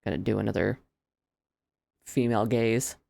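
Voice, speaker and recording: A woman with a strikingly deep, low voice chats through a game stream. Her commentary is playful and casual. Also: fairly even intonation, moderate pace, creaky, mellow, no echo. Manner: chatty, playful, laughs often.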